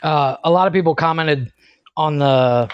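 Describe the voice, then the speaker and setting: A man in his thirties co-hosts a casual podcast, his voice sitting a little high. He swears freely and laughs at his own stories. The sound is dry and muffled, like a lo-fi recording. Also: normal speed, smooth, no echo. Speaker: podcast co-host. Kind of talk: casual chat.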